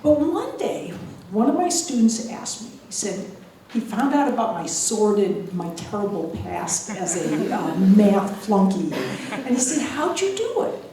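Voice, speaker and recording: Mulher americana palestrando num salão ecoante. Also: female voice, medium pitch, measured pace, recorded from a distance. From United States. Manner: lively storytelling, laughs at own jokes. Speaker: guest lecturer, engineering professor. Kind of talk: public lecture with anecdotes. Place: large lecture hall. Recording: echoey hall, voice from afar.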